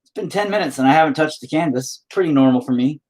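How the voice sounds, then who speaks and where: A man's voice: on the high side, fast, a little mellow. A man talking to himself while painting, casual, profane and self-mocking, rambling and frustrated as he thinks aloud. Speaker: painting vlogger.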